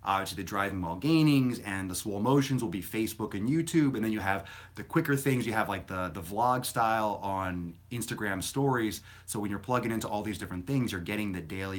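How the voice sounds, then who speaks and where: A man with a low, deep voice chats loosely on a fitness live stream. He rambles from point to point and answers viewer questions bluntly, with the odd curse thrown in. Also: fast talker. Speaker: fitness livestream host. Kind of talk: casual live-stream chat.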